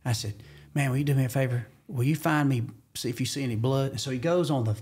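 A man from Georgia with a Southern accent, a podcast guest telling a hunting story in an animated way and acting out the quotes with sudden jumps in pitch. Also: fast talker, breathy edge. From Georgia, USA. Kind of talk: animated storytelling in casual conversation.

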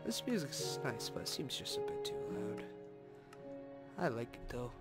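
With a very animated mid-range voice and a moderate pace, a man rambles casually through his let's play commentary, humming and throwing in asides. Loud music fills the room, and he's recorded on a desktop microphone.

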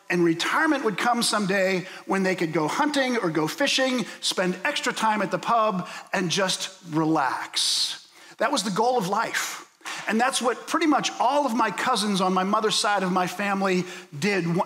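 In a church sanctuary with a long hall reverb, a pastor from Pittsburgh, USA, preaches a sermon, telling stories and asking his listeners questions. His voice is high-pitched, bright, and forceful, with lively intonation at a moderate pace.

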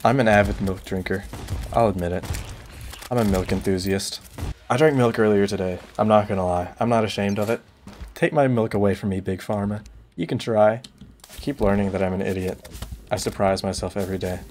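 A young man streaming a video game, tossing off deadpan absurd jokes and mock complaints in casual commentary. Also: fairly low pitch, a little fast, slight background noise.

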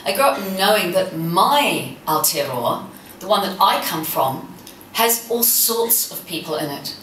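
A woman in her fifties from New Zealand gives a lively, humorous keynote with mid-pitched warmth and conviction. She sounds a little distant from the mic in a reverberant conference hall. A faint background hum runs under her. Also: unhurried. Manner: humorous, passionate storytelling. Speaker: keynote speaker. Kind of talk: conference talk.

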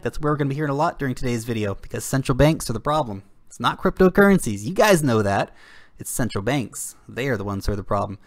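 Speaking at a medium pitch with vocal fry and a fairly bright tone, a young man who runs a crypto video channel delivers a sarcastic, indignant rant straight to camera. His wording is blunt and full of slang, and the recording has no echo.

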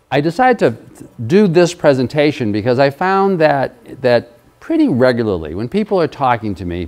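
A man's voice: mid-range voice, a little mellow. A man who works as an elder law attorney, giving a seminar talk and explaining legal ideas with dry self-deprecating jokes. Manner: conversational, with restarts and fillers. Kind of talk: public seminar presentation.

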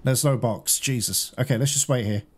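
A man's voice: medium pitch, moderate pace, a little hiss or hum. A man giving casual let's-play commentary, chatting to his viewers, laughing and swearing often. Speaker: gaming streamer.

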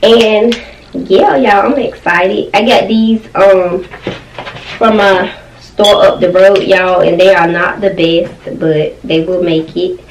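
A woman's voice: mid-range voice, steady tone, takes it slowly, far from the mic, a little hiss or hum. A young woman chatting casually and eating on camera at home, with lots of appreciative "mm"s as she tastes. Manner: chatty, eating on mic with frequent "mm"s. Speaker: mukbang vlogger. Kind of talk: casual food review while eating. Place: at home with her kids nearby. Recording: roomy, off-mic home recording.

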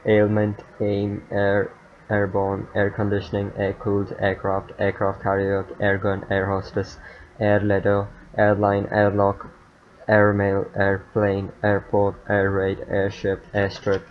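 Monotone man reading a word list. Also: lowish voice, unhurried. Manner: monotone word list with fillers, stumbles and muttered asides. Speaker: youtuber. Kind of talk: reading dictionary words aloud. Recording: dull lo-fi mic with faint noise.

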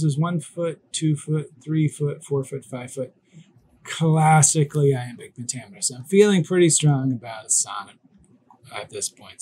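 A man's voice: fairly high pitch, darkish tone, slightly rough. A man teaching a recorded online class, talking casually and thinking aloud as he works through an example step by step.

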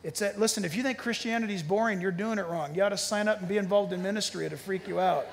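Male pastor, high voice, emphatic preaching in a reverberant church hall. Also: quick pace, gravelly, a little hiss or hum. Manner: animated, emphatic preaching with sudden loud peaks and hushed storytelling. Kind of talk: sermon.

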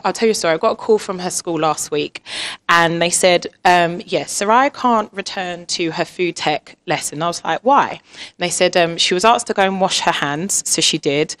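A woman's voice: fairly low pitch, a bit bright. Candid, chatty woman in her thirties. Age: 30s. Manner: chatty and candid, laughs often, acts out family dialogue. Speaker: panel speaker. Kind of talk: candid panel talk.

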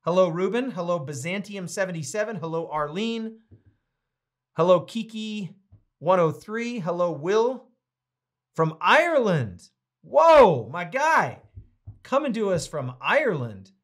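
Upbeat high-voiced pastor hosting a livestream. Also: male voice, animated, unhurried. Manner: upbeat, greets viewers one by one by name. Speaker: pastor and host of a livestreamed reading series. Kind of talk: casual livestream greetings and announcements.

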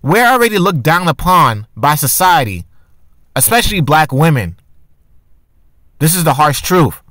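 A man's voice: on the high side, big pitch swings, unhurried, bright, forceful tone, no room sound. A man giving casual opinion commentary for his channel, arguing his point with rhetorical questions and frequent restarts. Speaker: commentary vlogger.

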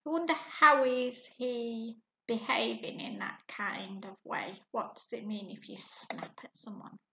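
A woman teacher guiding a reading lesson, asking her pupils questions patiently and often clearing her throat. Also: a little high, fairly bright tone, a little hiss or hum. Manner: slow and patient, asks questions to the class. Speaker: primary school teacher. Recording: echoey room, dull lo-fi sound.

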